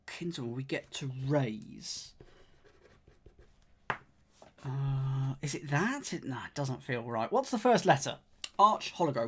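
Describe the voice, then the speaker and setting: Slow-talking man with a slight lisp. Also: on the high side. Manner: muttering, sighing, trailing off while puzzling. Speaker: puzzle streamer. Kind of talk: thinking aloud while solving a crossword.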